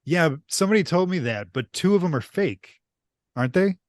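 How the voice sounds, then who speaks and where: A man co-hosting a podcast, chatting casually about horror movies and chiming in with quick agreement. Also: sits high, expressive, no room sound, studio quality. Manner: easygoing, agreeable, quick interjections. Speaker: podcast co-host.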